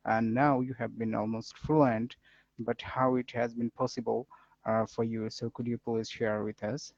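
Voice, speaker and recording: A man chatting casually in conversation practice, halting and searching for words. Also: medium pitch, darkish tone, no echo, muffled recording. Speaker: conversation partner asking questions.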